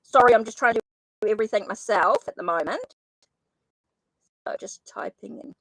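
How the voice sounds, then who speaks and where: A woman's voice: on the high side, expressive, normal speed, vocal fry, husky, no echo, rough recording. A woman hosting a live tarot reading stream, apologizing and thinking aloud as she types up viewers' names in a casual chat. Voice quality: says she has a funny accent.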